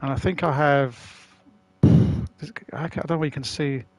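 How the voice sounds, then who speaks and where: A man's voice: on the high side, fairly even intonation, measured pace, a little mellow, no room sound. Chatty man streaming a game. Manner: rambling, slangy, swears, talks to chat. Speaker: gaming streamer. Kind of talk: casual live-stream chat.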